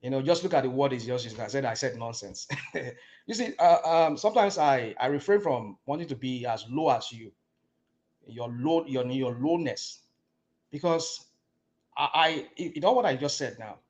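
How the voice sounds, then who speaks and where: A man's voice: medium pitch, animated, normal speed, a little mellow. A man, arguing indignantly in a heated political debate and repeating words to break in. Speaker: caller in a political discussion.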